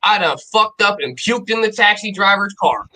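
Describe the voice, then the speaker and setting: A man hosting a casual stream, telling a drunken night-out story in slangy, profane, animated talk. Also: sits high, moderate pace, low-quality recording.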